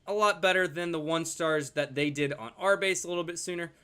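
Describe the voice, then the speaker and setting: Here a young man with a smooth, fairly high voice talks fairly quickly as a gaming YouTuber. Commenting casually on his own play, he keeps things chatty and full of jokes, switching to a soft baby voice when addressing his dog.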